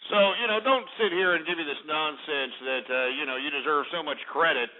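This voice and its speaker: A man's voice: on the high side, brisk. A man hosting a call-in radio show, brash, profane and mocking toward callers. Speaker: radio talk show host. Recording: phone-like lo-fi radio with faint music.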